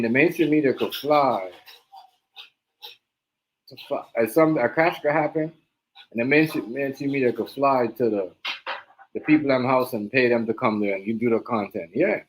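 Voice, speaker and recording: A man's voice: mid-range voice, poor audio. A man hosting a reaction livestream, ranting in a heated, mocking way and repeating himself. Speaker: livestream host.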